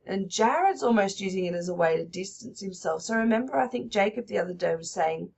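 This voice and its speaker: A woman's voice: mid-range voice, animated, a little fast, creaky, a little mellow, breathy edge. A woman teaching a recorded lesson, explaining step by step and checking in with "all right?".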